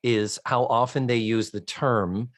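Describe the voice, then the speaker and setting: A man in his fifties co-hosting a casual podcast chat, animated and swearing freely as he acts out scenes. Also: mid-range voice, a little slow, no room sound. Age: 50s. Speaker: podcast co-host.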